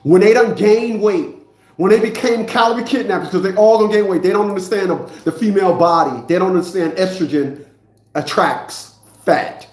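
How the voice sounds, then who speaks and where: A man's voice: sits high, normal speed, darkish tone, echoey room. A man in his fifties ranting in a preachy, profane monologue, often repeating himself. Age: 50s. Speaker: vlogger.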